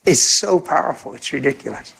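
A man pastor telling a story in a sermon, acting out each person's lines with lively dialogue. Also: mid-range voice, a little fast, gravelly, slightly rough. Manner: animated, acts out quoted dialogue.

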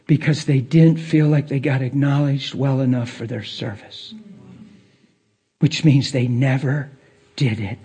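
A man preaching a sermon to a church crowd. He moves from hushed whispers to excited, nearly shouted lines and acts out people's voices in his stories. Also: a little slow. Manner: swings between hushed whispers and high excited near-shouting.

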